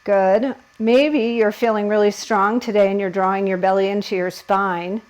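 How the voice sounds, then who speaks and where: A woman's voice: medium pitch, steady tone, normal speed, poor audio. A woman leading a yoga class, giving encouraging instructions and laughing at herself while she holds the poses.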